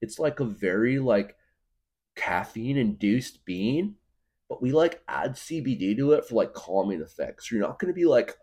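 A man's voice: mid-range voice, expressive, normal speed, darkish tone, slightly rough. A man rambling through a casual comedic monologue as a podcast guest, stuffing his talk with filler words and joking exaggerations. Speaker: podcast guest, craft beer guru.

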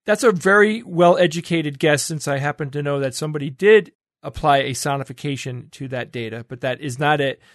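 A man's voice: a little high, a little fast, few pauses, no echo. A man with a slightly raised voice hosts a casual podcast segment, reading listener letters aloud. His tone is playful and he breaks in with laughing asides. The sound is dry and close, with no room around it.

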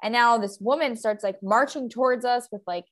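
A woman's voice: a little high, a little fast. A woman in her thirties chats on her podcast, recorded at home under a blanket. She tells her story casually and brings it to life by acting out the voices of the people in it. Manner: animated storyteller, acts out quoted voices. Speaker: podcast co-host.

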